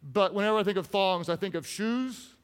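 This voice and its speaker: A man preaching a sermon to a congregation, animated and jokey, acting out the story with voices. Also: high voice, fairly quick, clean tone. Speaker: pastor. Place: large church hall. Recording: hall reverb from large room.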